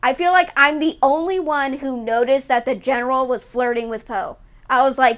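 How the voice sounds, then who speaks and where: A young woman streaming, chatting casually with her viewers, ranting loudly and swearing a lot. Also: sits high, normal speed. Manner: swears a lot, ranty and animated. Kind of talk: casual chat with live chat.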